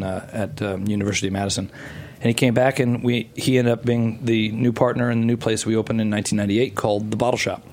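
A middle-aged man telling a long story as a guest in a casual interview, rambling with many fillers and restarts. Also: fairly low pitch.

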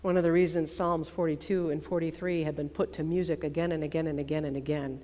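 A woman preacher giving a sermon, expressive and prayerful, repeating phrases for emphasis. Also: deep voice, brisk. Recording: long reverb of a large hall.

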